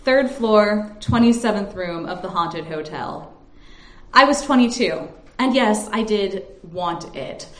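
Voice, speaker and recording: A woman poet at a live reading, chatting briefly with the audience and then reciting her poem in a measured way. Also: mid-range voice, lively intonation, fairly bright tone. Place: stage at a live reading event. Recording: echoey room.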